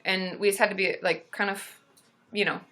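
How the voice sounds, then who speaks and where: A woman's voice: medium pitch, little pitch movement, moderate pace, pushed and bright. A woman therapist hosting a casual live stream, chatting to viewers in a bubbly, rambling way with lots of fillers.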